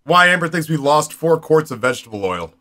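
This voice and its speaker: A man's voice: a little high, big pitch swings, brisk, sharp tone. A man in his forties chatting casually on a live stream, rambling and talking straight to his viewers. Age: 40s.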